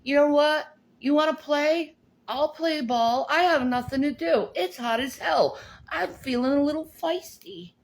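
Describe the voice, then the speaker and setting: On a livestream, a middle-aged woman with a high, gravelly voice rants at a measured pace. She is confrontational and swears, frequently repeating words and starting her sentences over.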